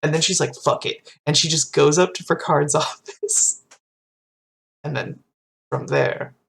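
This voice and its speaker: Podcast co-host, gravelly voice, mid pitch, casual rambling recap. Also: measured pace, fairly bright tone. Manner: rambling, swearing, laughing through recaps with quoted lines.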